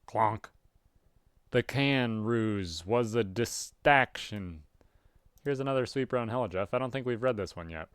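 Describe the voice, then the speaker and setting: A man with a fairly low voice reads a webcomic aloud and comments as he goes. His delivery swings widely in pitch, jumping into loud exclamations. The recording is dry and close, with no room sound. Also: no room sound. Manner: reads narration evenly, with sudden loud animated outbursts. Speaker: webcomic reader. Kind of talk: casual read-aloud with commentary.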